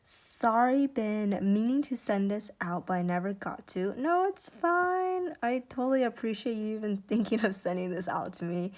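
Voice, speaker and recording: A woman chatting casually at home while unboxing gifts. She gushes excitedly, repeats "oh my gosh" and sometimes keeps her voice hushed. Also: medium pitch, fairly quick, hardly any pauses. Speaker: YouTuber. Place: at home indoors.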